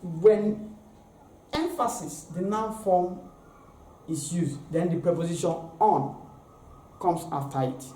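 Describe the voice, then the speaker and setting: A teacher giving a grammar lesson, speaking deliberately and drawing out the key words. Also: medium pitch, dark tone. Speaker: English teacher. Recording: echoey room with faint background noise.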